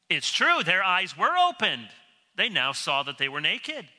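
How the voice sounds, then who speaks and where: A man preaching an expository sermon, emphatic and animated, dropping low and quiet when he quotes others. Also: moderate pace. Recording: long reverb of a large hall.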